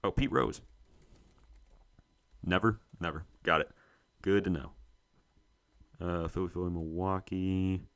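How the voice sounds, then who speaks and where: A man's voice: sits low, fairly even intonation, takes it slowly, long pauses. A young man, co-host of a sports show, thinking aloud to himself as he works through a trivia quiz, muttering and searching for names.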